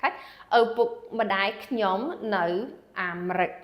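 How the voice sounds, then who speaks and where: Woman teaching slowly with careful repetition. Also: medium pitch, highs cut off. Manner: slow, careful repetition of words; writes on a board while explaining. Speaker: language teacher. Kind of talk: language lesson.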